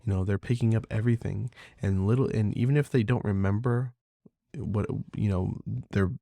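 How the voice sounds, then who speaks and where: A man's voice: on the low side, moderate pace, gravelly, mellow, dry recording. A man hosting a podcast, talking casually and candidly in a rambling way, swearing freely with lots of fillers. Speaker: podcast host. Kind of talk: casual monologue.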